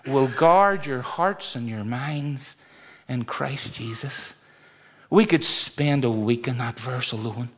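A man preaching and leading his congregation in a large church, speaking in an earnest, conversational way with sudden exclamations. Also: mid-range voice. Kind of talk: sermon with congregational singing. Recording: echoey church hall.

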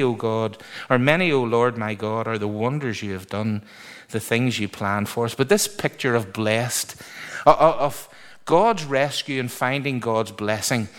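A man preaching a sermon, reading scripture aloud and speaking in a lively, emphatic way. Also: medium pitch, smooth.

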